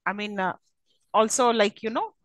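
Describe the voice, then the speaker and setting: A woman's voice: mid-range voice, normal speed, fairly bright tone, no echo, rough recording. A woman with an Indian English accent giving a university lecture on phonetics, with many fillers and frequent checking questions to the class.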